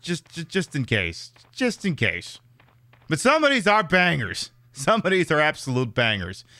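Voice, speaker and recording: A man's voice: fairly high pitch, wildly swooping pitch, unhurried, sharp tone, no echo. A man casually chatting through a livestream of a horror game, rambling and reacting to chat with lots of fillers and repeated words. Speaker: streamer playing a horror game.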